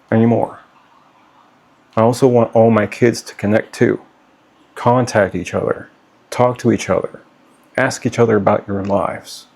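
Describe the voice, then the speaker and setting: His voice is lowish, gravelly and a little mellow. He's a middle-aged father speaking to camera in a personal vlog to his children, earnest and pleading, often asking "okay?" as he becomes hot and worked up.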